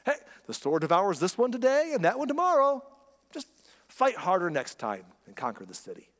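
A man's voice: high-pitched, wildly swooping pitch, moderate pace, a bit bright, big-room sound, heavily acted. A man voicing a guilty king who brushes things off in an offhand, casual way. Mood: dismissive. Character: guilty king, breezy and dismissive.

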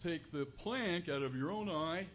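A man giving an earnest, conversational sermon as a preacher in a church, building to louder emphasis on key points. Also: fairly high pitch, unhurried. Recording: dull lo-fi recording with faint room noise.

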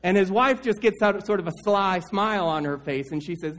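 A man preaching a Sunday sermon as pastor, telling stories with wide swings in pitch and loudness. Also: lively intonation, a little fast.

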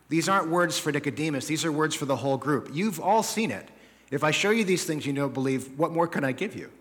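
A man's voice: fairly high pitch, a bit bright. Preacher man in a reverberant church. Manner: conversational, jokey asides, frequent "okay?". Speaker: pastor. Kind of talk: sermon. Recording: long hall reverb.

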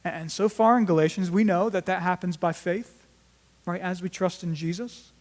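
A man preaching an earnest sermon, swinging between emphatic rises and quiet drops and often restarting his words. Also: sits high, fairly even intonation, moderate pace. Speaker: pastor.

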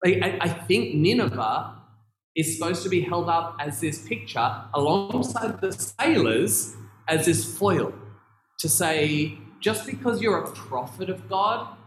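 Slow earnest guy preaching in a church, kinda high voice, echoey room. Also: animated, slight background noise. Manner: earnest, reflective, with long pauses and emphatic stresses. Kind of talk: sermon.

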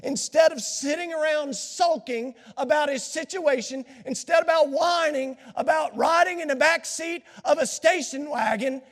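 The pastor preaches a sermon at normal speed with hardly any pauses, his high voice scratchy from a cold. His passionate delivery shifts from hushed to shouting, and the big church sanctuary gives it a long, echoing reverb.

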